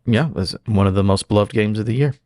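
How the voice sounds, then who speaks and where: A man's voice: fairly low pitch, fast talker, darkish tone, dry recording, studio quality. A man hosting a casual gaming podcast, cracking jokes and reading off facts. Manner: joking, then reads facts off notes. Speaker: podcast host.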